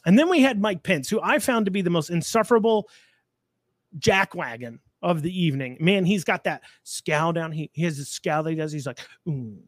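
A man's voice: high voice, lively intonation, brisk, no room sound, studio quality. A man giving blunt, sarcastic political commentary, with frequent fillers and restarts.

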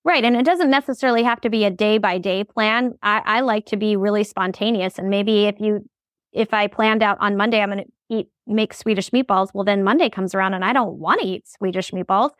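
A woman's voice: medium pitch, fairly quick, no echo, clean studio sound. A middle-aged woman co-hosting a casual chat, talking in a practical way and summing up the points.

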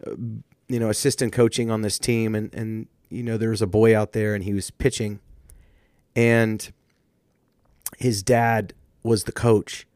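A man's voice: fairly low pitch, flat delivery, a little slow, a little mellow, no room sound, clean studio sound. A man co-hosting a podcast, telling coaching stories in casual chat with thoughtful restarts. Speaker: podcast co-host.

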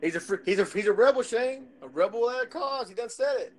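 A man's voice: extremely high pitch, expressive, fast, low-quality recording. A man co-hosting a podcast in casual banter, joking and mocking. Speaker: podcast co-host.

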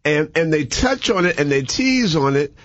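A man chatting casually as a movie reviewer, rambling and animated, with many restarts and fillers. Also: fairly high pitch, normal speed, dry recording, muffled recording. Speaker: movie reviewer on a talk show. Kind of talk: casual chat.

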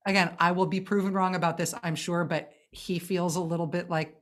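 A woman's voice: fairly low pitch, fairly even intonation, brisk. A woman chatting casually about politics, wry and self-deprecating, with frequent laughter. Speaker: political commentator.

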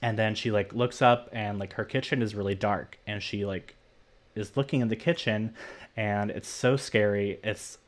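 A man's voice: on the low side, steady tone, moderate pace. A young man casually recapping a horror movie plot on a podcast, filling his retelling with "like" and acting out the characters' lines. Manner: retells plot animatedly, heavy use of "like". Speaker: podcast co-host.

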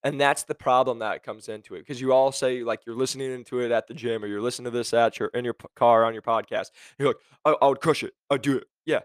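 Energetic man coaching on a podcast. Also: mid-range voice, fast, few pauses, smooth, no echo. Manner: energetic, direct, with rhetorical questions and acted-out quotes. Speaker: podcast host, sales coach. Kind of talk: motivational podcast monologue.

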